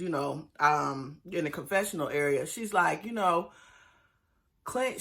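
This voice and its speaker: Host, woman, animated and emphatic, casual show recaps. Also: fairly low pitch. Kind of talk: casual commentary.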